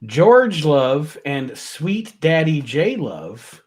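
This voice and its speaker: A man co-hosting a casual chat, reading out old match results in an unhurried way and chuckling often. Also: fairly high pitch, big pitch swings. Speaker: podcast co-host.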